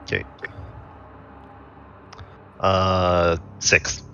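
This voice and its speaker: Deep, bright-voiced tabletop player. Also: male voice, flat delivery, drawn-out words, vocal fry, highs cut off, a little hiss or hum. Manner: casual, with fillers and laughs. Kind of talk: playing a tabletop game.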